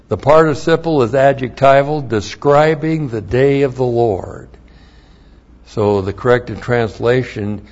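A pastor works through a Bible passage word by word, slowly and emphatically spelling out terms letter by letter and dropping in dry, humorous asides. His male voice sits at medium pitch with a darkish tone. The recording is dull and lo-fi.

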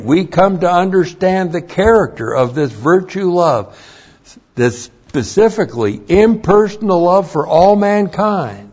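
A man teaching from the Bible, slow and emphatic, repeating key phrases for emphasis. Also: a little high, a little mellow, husky. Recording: dull lo-fi recording.

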